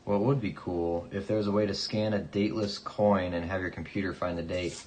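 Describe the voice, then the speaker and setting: A young man hosting a live coin-sorting stream, quietly muttering coin dates between casual, joking chat with his viewers. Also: low voice, steady tone, a little fast, a little hiss or hum, low-quality recording. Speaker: coin collecting livestream host.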